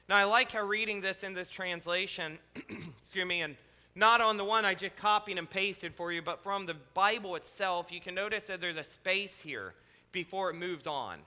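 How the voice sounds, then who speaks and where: Bright-voiced pastor preaching in a reverberant hall. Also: male voice, high voice, normal speed. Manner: earnest, repetitive preaching with rhetorical questions. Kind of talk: sermon. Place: church sanctuary.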